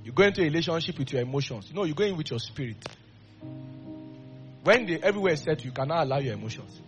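Fervent preacher, a man, slightly high voice. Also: animated, fast talker, soft background music. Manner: fervent, swings between quiet asides and loud bursts; acts out quoted voices. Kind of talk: sermon.

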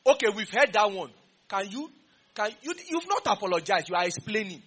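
A man with a Nigerian English accent preaching a sermon, teasing and quizzing his congregation in an animated way. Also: sits high, brisk, slightly rough.

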